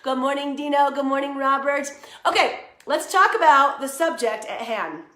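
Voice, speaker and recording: A woman's voice: high-pitched, moderate pace, bright, forceful tone, roomy sound. Upbeat woman motivating viewers live. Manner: upbeat, chatty, greets viewers by name. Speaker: live video host and coach. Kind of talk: casual motivational live stream.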